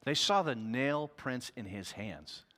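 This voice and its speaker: Bright-voiced pastor preaching in a hall. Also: male voice, medium pitch, expressive, slow pace. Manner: conversational, earnest, with restarts. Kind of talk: sermon.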